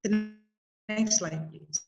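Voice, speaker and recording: A woman's voice: medium pitch, takes it slowly, low-quality recording. A woman giving an earnest, faith-based teaching talk on peer pressure, asking her audience rhetorical questions. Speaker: course speaker on peer pressure.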